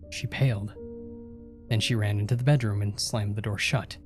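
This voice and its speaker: A man's voice: lowish voice, fairly even intonation, moderate pace, faint music behind. A man reading first-person horror stories aloud and voicing the characters in the dialogue. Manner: voices each character in dialogue. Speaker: horror story narrator. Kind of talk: scripted horror narration.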